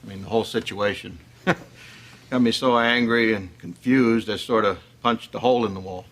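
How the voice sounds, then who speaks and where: An actor playing a blustering, brash boss who teases and boasts in bombastic sitcom style. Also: male voice, fairly low pitch, steady tone, normal speed, a bit bright. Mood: boastful. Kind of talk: sitcom acting. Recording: noisy sitcom track with audience laughter.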